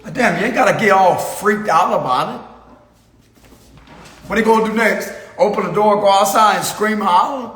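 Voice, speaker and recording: A man's voice: high-pitched, normal speed, a bit bright. Rambling, slangy man in an echoey room. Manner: rambling, slangy, laughs often. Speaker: spiritual card reader. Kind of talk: casual spoken reading.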